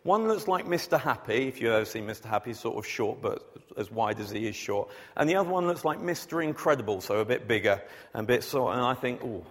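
A man preaches a sermon at a quick pace in a medium-pitched voice, weaving scripture together with funny stories. He gets animated when acting out scenes, and a long hall reverb colors the recording.

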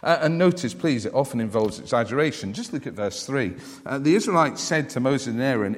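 Preacher in a reverberant hall. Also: male voice, mid-range voice, expressive, brisk, hardly any pauses. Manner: conversational, asks rhetorical questions. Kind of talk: sermon.

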